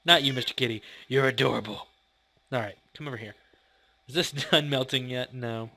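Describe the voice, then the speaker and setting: A man's voice: mid-range voice, moderate pace, bright, forceful tone. A man hosting a casual gameplay commentary, playful and chatty, laughing often and talking to the creatures in his game. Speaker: gaming channel host.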